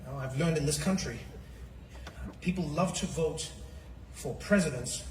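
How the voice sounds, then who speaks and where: High-voiced male comedian on stage. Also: slight background noise. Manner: animated, quick shifts into impressions. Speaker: stand-up comedian. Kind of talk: stand-up comedy set. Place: live comedy venue with audience. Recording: echoey live room, loud crowd, far mic. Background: audience laughter.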